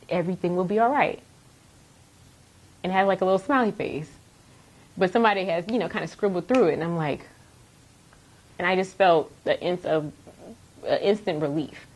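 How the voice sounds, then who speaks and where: A young woman in her twenties, a nursing student, telling a candid personal testimony with animated storytelling. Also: on the low side.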